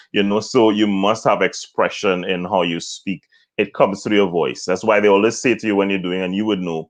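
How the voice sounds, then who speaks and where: A man from Trinidad speaks with a very low, deep voice as an interview guest. He explains things patiently and step by step, like a voice coach teaching a lesson. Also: fairly even intonation, moderate pace. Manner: explanatory, demonstrates points with acted examples.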